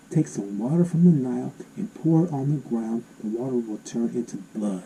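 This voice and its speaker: A man reading Bible verses aloud and explaining them in an animated, exclaiming way. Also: mid-range voice, moderate pace, hardly any pauses, husky, rough recording. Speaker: Bible teacher.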